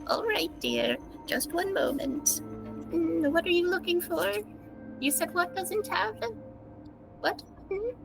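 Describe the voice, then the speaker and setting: A woman voicing a shrewd, flattering old woman who runs a supply depot and sweetly calls people dear. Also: very high voice, takes it slowly, vocal fry, music in the background, voice pushed up, exaggerated voice. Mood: sugary.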